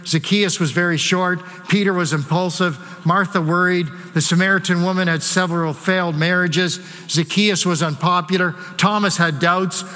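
A man's voice: sits high, steady tone, normal speed, hardly any pauses, sharp tone. A man preaching a sermon, talking conversationally and asking the congregation rhetorical questions. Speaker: pastor. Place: church sanctuary. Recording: long hall reverb.

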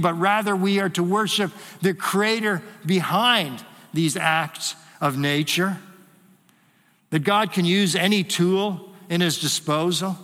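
A man preaching from the stage of a large church hall, his high, bright voice ringing out with a long reverb behind it. He is animated and slips into the voices of the people in his story. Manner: animated, acts out quoted voices. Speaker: pastor. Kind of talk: sermon.

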